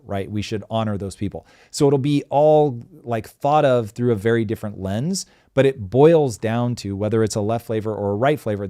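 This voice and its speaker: A man with a fairly low voice, talking through economic ideas in a measured, unhurried way and leaning on little fillers as he goes. He sounds close to the mic in a dry, dead studio space. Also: dark tone, no echo. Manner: explanatory, measured, many fillers. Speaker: show host. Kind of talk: casual live-show commentary.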